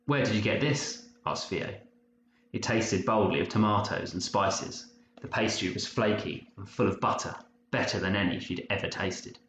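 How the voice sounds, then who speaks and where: Man narrating a story, lowish voice, steady, muffled echoey recording. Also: normal speed. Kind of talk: audiobook narration. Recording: muffled roomy recording, faint hiss.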